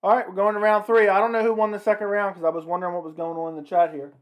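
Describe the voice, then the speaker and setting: A man's voice: high-pitched, level tone, very fast. A man hosting a casual livestream, commenting on a fight and talking with his chat. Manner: chatty, reacting to the fight and the chat. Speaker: livestream host.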